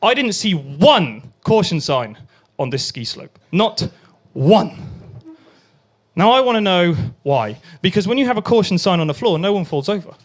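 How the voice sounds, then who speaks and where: A man's voice: high-pitched, sing-song, moderate pace. A young man performing a crude stand-up set at an open mic night, acting out voices and sounds. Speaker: stand-up comedian.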